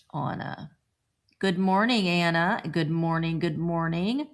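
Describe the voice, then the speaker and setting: A woman's voice: fairly low pitch, normal speed, vocal fry. A middle-aged woman from Indiana hosting a casual live stream, chatting and greeting viewers by name.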